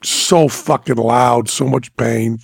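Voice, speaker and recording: A man hosting a podcast, telling a story with animated comic flair, profane and acting out both sides of a dialogue. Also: medium pitch, slow pace, creaky, husky, no echo, clean studio sound. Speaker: podcast host.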